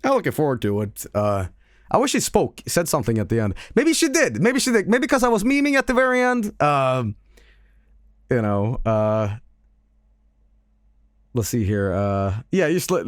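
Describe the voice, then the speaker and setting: Male streamer, lively pitch, dry close mic, rambling and stammering, swears, laughs. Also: no echo. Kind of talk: casual stream chat.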